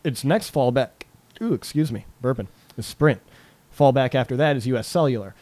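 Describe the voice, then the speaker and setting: A man talking in a loose, casual chat, loud and lively, swearing freely and breaking into laughs. His voice is mid-pitched and sits close and dry, with no room sound around it. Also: moderate pace, no echo.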